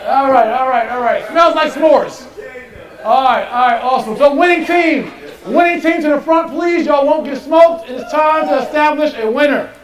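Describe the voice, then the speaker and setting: A man hosts a live game show from a stage, pumping up the crowd with lots of energy. His voice sits very high for a man. The sound rings with the echo of the venue. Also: moderate pace, distant mic. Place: stage with live studio audience. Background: audience.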